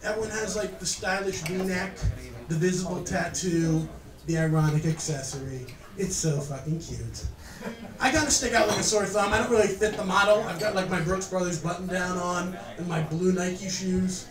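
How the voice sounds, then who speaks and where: A man's voice: sits high, moderate pace. Sarcastic stand-up man in a roomy club. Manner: sarcastic, self-mocking, bantering with the crowd. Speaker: stand-up comedian. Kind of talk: stand-up comedy set. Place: comedy venue with live audience. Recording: roomy echo, distant mic, crowd noise.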